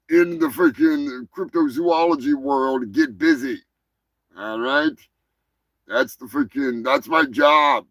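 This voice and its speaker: A man's voice: a little high, slow, gravelly, fairly bright tone, low-quality recording. A man hosting a live comedy show, riffing in a crude, profane, joking rant. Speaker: host.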